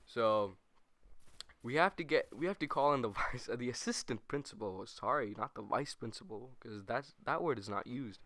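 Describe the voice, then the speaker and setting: A young man casually telling a school story over gameplay, rambling and animated, correcting himself as he goes. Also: mid-range voice, dry recording. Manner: rambling, animated, self-correcting, with quick put-on quotes. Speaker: gaming channel host.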